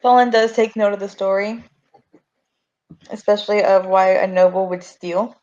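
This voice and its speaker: A woman's voice: mid-range voice, steady tone, moderate pace, a little mellow. A woman player in a tabletop game casually narrates her character's moves in an ordinary mid-range voice. The recording comes through dull and lo-fi.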